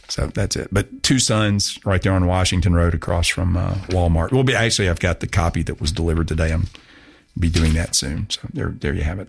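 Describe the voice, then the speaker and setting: A man's voice: sits low, vocal fry, husky. A man hosting a talk radio show in a chatty, rambling, self-mocking way. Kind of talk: casual talk radio chat.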